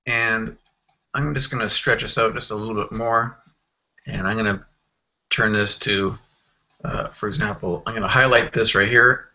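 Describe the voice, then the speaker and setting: A man walking through a software screen tutorial in a casual, think-aloud way, with fillers and self-corrections. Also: fairly low pitch, steady tone, normal speed, long pauses, lo-fi sound. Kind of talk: screen-recorded software walkthrough.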